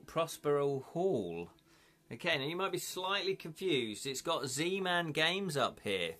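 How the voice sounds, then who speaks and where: Bright-voiced man hosting a live stream. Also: medium pitch. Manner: chatty, laughs often, reads out comments. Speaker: livestream host. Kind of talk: casual live stream chat with viewers.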